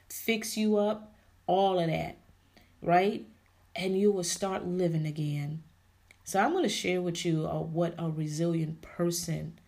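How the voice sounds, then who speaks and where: A woman's voice: lowish voice, a little mellow. A woman hosting a podcast, giving an emphatic, preachy faith-based motivational talk and calling her listeners ladies and honey. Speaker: podcast host.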